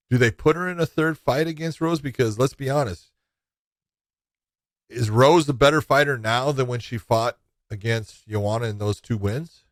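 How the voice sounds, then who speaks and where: A man co-hosting a sports podcast, talking in an animated, storytelling way and often poking fun at himself. His voice sits at a medium pitch, recorded close and dry with no room sound. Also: no room sound. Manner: animated storyteller, acts out quotes. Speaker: podcast co-host. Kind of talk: casual sports chat.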